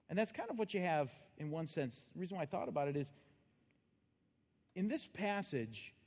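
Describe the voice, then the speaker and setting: A man's voice: a little high, big-room sound. A man preaching a sermon as pastor, telling stories in a plain, earnest, conversational way.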